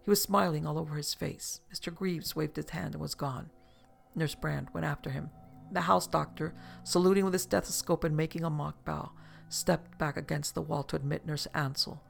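Audiobook narrator, steady delivery, strong rasp and fry. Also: medium pitch, moderate pace, soft background music. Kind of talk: scripted narration of a novel.

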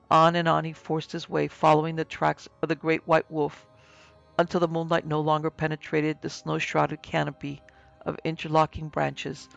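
Man, horror story narration, gravelly, flat even delivery, faint music. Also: on the high side, dull audio.

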